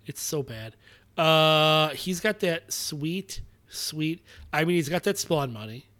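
A man with a voice pitched a bit high chats casually as a podcast co-host. He rambles, cracks jokes and swears casually while talking through a list. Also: slow, pushed and bright. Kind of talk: casual chat.

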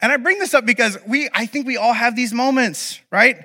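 A man with a high, bright voice delivers a sermon built on humorous, self-deprecating stories. He talks in an animated way to an audience, and his words trail off into the long reverb of a big hall. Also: brisk.

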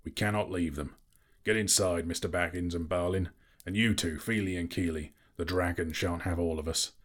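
A man voicing a proud, stern male dwarf leader who gives firm, measured orders. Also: deep voice, steady tone. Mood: commanding. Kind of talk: audiobook character reading.

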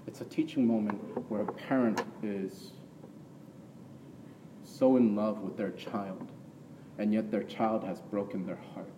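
A man's voice: on the low side, steady tone, unhurried, long pauses, warm tone, slight background noise. A man preaching a sermon in a conversational way, often checking in with "right?" and rising into emphatic bursts. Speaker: pastor. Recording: long hall reverb, from far off, faint ambience.

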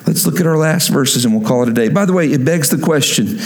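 High-voiced male pastor preaching. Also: fairly quick, few pauses, roomy sound, rough recording. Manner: preaching, rising to loud emphatic peaks. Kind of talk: sermon.

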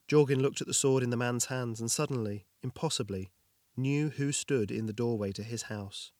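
A man narrating a story aloud in a measured, unhurried reading. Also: mid-range voice, no room sound, studio quality.

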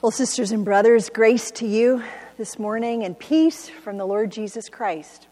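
A woman's voice: on the high side, a little slow, warm tone, in a large hall. Woman pastor preaching in a resonant church. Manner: reflective, earnest preaching. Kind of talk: sermon. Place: church sanctuary.

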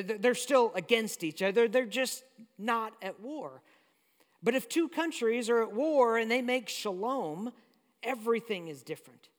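A pastor preaching a sermon in a conversational, storytelling way. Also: medium pitch. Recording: long hall reverb.

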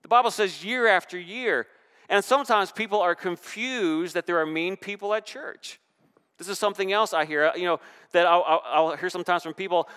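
A male pastor preaching to his congregation with lively, swelling emphasis. His voice sits a little high and sounds smooth and resonant. It carries a long reverb from the church hall around him. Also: normal speed. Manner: animated preaching with rising and falling emphasis. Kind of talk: sermon. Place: church sanctuary.

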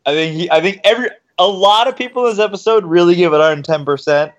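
A man co-hosting a casual podcast, relaxed and easygoing. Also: sits high, fast. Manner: relaxed, says like and dude a lot. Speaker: podcast co-host. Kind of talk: casual chat.

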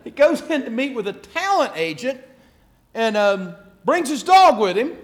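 High-voiced man preaching a sermon. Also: very animated, measured pace. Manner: conversational storytelling with self-deprecating asides. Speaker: pastor.

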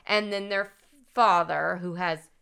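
A woman's voice: on the low side, steady tone, measured pace, creaky, fairly bright tone, smooth. Profane, indignant female storyteller. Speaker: podcast host telling a true-crime story. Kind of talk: casual chat.

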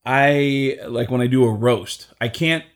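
A man's voice: mid-range voice, unhurried. A male stand-up comedian telling a story in casual chat, acting out the quotes and swearing freely.

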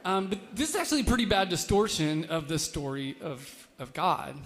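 Guy preaching super casually, lots of ums and likes, voice pitched a bit high, echoey hall. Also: big pitch swings, moderate pace, noisy background. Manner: informal, self-deprecating, frequent fillers and restarts. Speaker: pastor. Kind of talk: casual conversational sermon.

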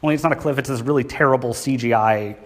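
A man's voice: medium pitch, quick pace. A man, preaching a sermon in a church and talking conversationally with the congregation. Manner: conversational, asks the congregation questions. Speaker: pastor. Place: church hall.

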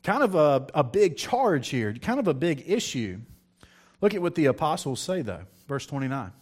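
A man gives a sermon in a slightly high, conversational voice, reading scripture and then acting out the scenes in his own words. He turns to the congregation with questions as he goes. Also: normal speed. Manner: lively, conversational, acts out quotes; reads scripture aloud. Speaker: preacher.

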